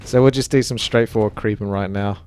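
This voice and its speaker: A man's voice: on the low side, fairly even intonation, fairly quick, darkish tone, a little hiss or hum. A man giving casual, chatty gameplay commentary while he plays, joking at himself and reading viewer comments aloud.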